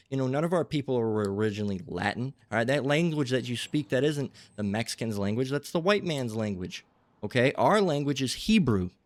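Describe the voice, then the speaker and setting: A religious teacher with a medium-pitched voice gives a rambling lecture in a dry recording. He tags his points with "okay?" and "all right?".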